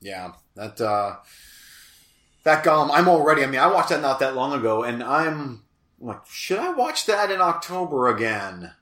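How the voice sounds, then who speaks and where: Podcast co-host, man, crackly bright voice, rambly, self-mocking, echoey room. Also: medium pitch, big pitch swings, moderate pace. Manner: rambling, self-deprecating, lots of fillers. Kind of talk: casual podcast chat.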